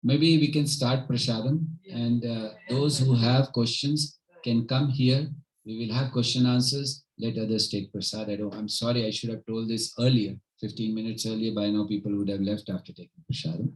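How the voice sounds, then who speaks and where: A man's voice: mid-range voice, steady tone, moderate pace, low-quality recording. A man leading a home gathering, giving an informal devotional talk with stories in an earnest manner and often checking in with his listeners.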